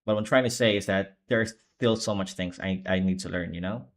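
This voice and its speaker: A man's voice: deep voice, fairly quick. A sleepy young man streaming as he draws manga, chatting casually in a rambling, laid-back way that keeps correcting itself. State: sleepy, low energy. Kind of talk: casual live-stream chat while drawing.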